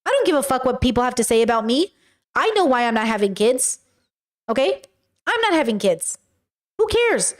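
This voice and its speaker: Brief: young woman livestream host, high voice, blunt, animated chatty delivery. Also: brisk. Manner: animated, blunt, talks straight to viewers. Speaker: livestream host reading chat. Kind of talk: casual chat. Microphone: webcam or desk mic on a livestream.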